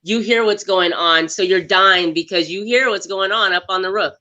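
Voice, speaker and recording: A woman guest on a movie review podcast, retelling funny scenes in an animated way and acting out the lines. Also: mid-range voice, normal speed, muffled recording. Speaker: guest actress. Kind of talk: casual movie review chat.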